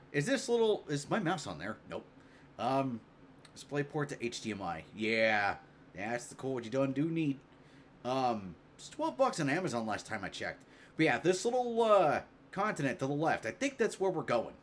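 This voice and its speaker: A man streaming a game live, chatting casually, joking, thinking out loud with lots of fillers, and reading game dialogue aloud. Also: mid-range voice, a little hiss or hum.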